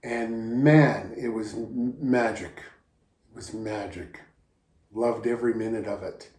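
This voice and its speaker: A man, a guest steel guitar player, giving a slow, tender spoken tribute to a friend that moves him to emotion. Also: mid-range voice, dark tone, reverberant.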